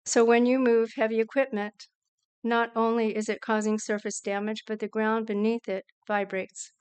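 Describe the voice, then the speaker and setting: A woman reads a prepared statement in a smooth, clear voice. Her pitch sits fairly high but stays flat and even. She speaks in a measured, earnest way. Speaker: public commenter. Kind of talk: prepared statement at a council meeting.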